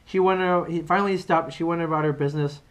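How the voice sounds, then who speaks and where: A man's voice: on the high side, fairly even intonation, fast talker. A man co-hosting a podcast, chatting casually and telling a story with loose restarts and fillers. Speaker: podcast co-host. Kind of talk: casual chat.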